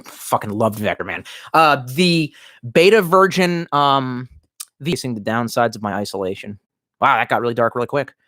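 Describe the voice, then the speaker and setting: A man's voice: medium pitch, animated, normal speed, fairly bright tone, dry recording, clean studio sound. Rambling, swearing male live streamer. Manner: rambling, profane, many fillers and restarts. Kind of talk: casual live-stream chat, reading viewer comments.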